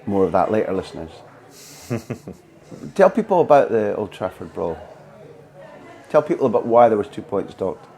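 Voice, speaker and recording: A man's voice: on the low side, big pitch swings, moderate pace, vocal fry, long pauses, warm tone. A man from Scotland with a mild Scottish accent, hosting a podcast and asking articulate, playful questions. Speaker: podcast host, interviewer. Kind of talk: interview questions.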